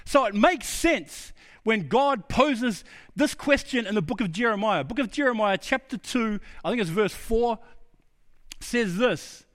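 A man's voice: sits high, animated, measured pace, a bit bright. A male pastor preaching a sermon, emphatic and fond of repeating key words. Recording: long hall reverb.

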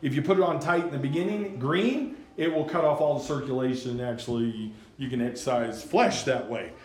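A man's voice: mid-range voice, brisk, darkish tone. A male pastor preaching a sermon in a folksy, conversational storytelling manner. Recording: echoey room.

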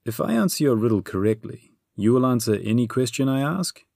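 Fussy wizard, voiced by a male narrator pitched up, hesitant, audiobook, dry read. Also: animated, a little fast, gravelly, mellow, no room sound. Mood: fidgety. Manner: hesitant, full of "uh"s. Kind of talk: audiobook character voice.

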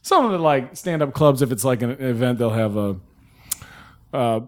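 A young man from the American South telling a story in casual chat, animated and swearing, acting out the voices of the people in it. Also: mid-range voice, moderate pace. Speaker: guest comedian.

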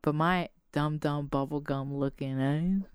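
A woman podcast host telling a casual story with animated quoted voices and frequent laughs. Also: low-pitched, a little slow, clear, resonant tone, no room sound, studio quality.

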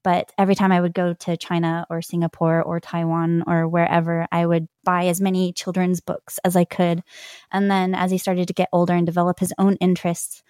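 A woman guest tells stories in a relaxed interview, chatty and quick to laugh. Her voice sits on the low side, and it is recorded close and dry. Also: clean tone, no room sound. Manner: chatty, laughs often while telling stories. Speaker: guest, language learner. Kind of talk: casual interview storytelling.

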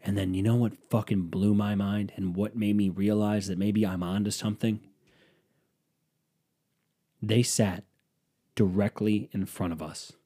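A man's voice: lowish voice, a little slow, pauses often. Profane sarcastic man telling a story. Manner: profane, sarcastic, animated impressions of others. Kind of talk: casual storytelling with acted-out quotes.

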